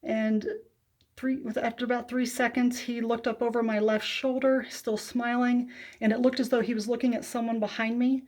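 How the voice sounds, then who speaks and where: A woman telling viewers a personal faith testimony, soft-spoken and emotional, pausing often with hesitant fillers. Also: a little high, flat delivery. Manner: emotional, close to tears. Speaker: faith vlogger.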